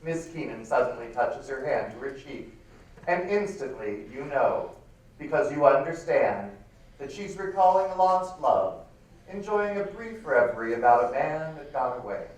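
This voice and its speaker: A man reading narration aloud at a live stage event, gentle and measured. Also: mid-range voice, lively intonation. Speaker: co-reader. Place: large performing arts hall. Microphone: far camera. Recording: echoey hall from far off.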